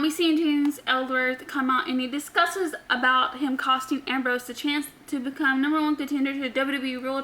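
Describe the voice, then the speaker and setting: Bright, high-voiced woman recapping casually. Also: rough recording. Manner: chatty, frequent ums, offhand personal opinions. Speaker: wrestling show recap host. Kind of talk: casual spoken recap of a wrestling episode.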